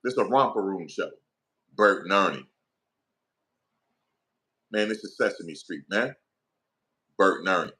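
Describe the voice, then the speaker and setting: A man's voice: sits low, expressive, a little slow, pauses often, sharp tone. A middle-aged man, giving heated opinion commentary in an emphatic, profane, repetitive rant.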